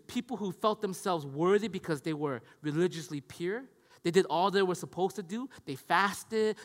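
A man preaching a sermon in a lively, conversational way, asking his listeners questions and swinging from loud to hushed. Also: high voice. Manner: conversational, asks the audience questions. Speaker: pastor. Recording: long hall reverb.

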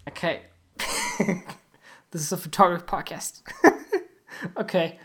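A man hosting a podcast, telling funny everyday stories in a loose, animated and crude way, often laughing at himself. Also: sits high, takes it slowly, slightly rough. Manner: animated, giggly, crude, self-mocking. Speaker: podcast host. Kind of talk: casual comic storytelling.

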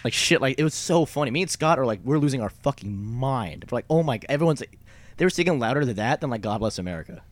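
A man's voice: medium pitch, lively intonation, quick pace. A young man from Canada chatting casually, rambling and swearing a lot with frequent laughs. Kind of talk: casual chat.

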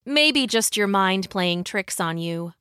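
A woman's voice: medium pitch, animated, takes it slowly, pushed and bright, clear, resonant tone, no room sound, studio quality, pitched below the performer's own voice. A woman doing a blunt young woman soldier. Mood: dismissive.

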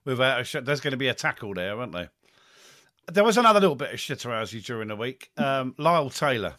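A man co-hosting a casual football podcast, talking in quick, enthusiastic, rambling asides. His pitch sits in the middle. The recording is dry and close. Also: very animated, bright, forceful tone, dry recording. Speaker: podcast co-host.

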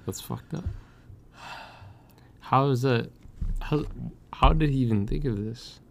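A man's voice: medium pitch, slow, vocal fry, darkish tone, a little hiss or hum. A young man co-hosting a casual podcast, pushing back in disbelief and pressing his co-host with questions. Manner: incredulous, pushes back with questions.

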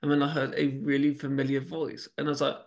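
A man's voice: mid-range voice, completely flat delivery, fast talker. Man, podcast guest, chatty storytelling, frequent restarts. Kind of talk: casual storytelling conversation.

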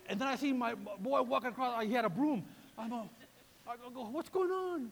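Man preaching, very high voice, lively swooping pitch, long hall reverb. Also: normal speed. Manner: animated preaching, repeats words, acts out voices. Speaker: pastor. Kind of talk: sermon.

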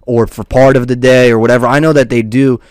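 A man's voice: medium pitch, little pitch movement, brisk, clear, resonant tone, no room sound, clean studio sound. A young man rambling casually and profanely, peppering his talk with "dude" and "man". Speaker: podcast host.

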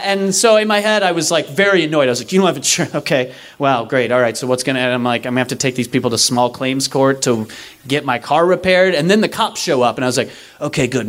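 A young man telling a comedic story live on stage, acting out the other people's lines in an animated way. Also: medium pitch. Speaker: stand-up storyteller. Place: live stage before an audience.

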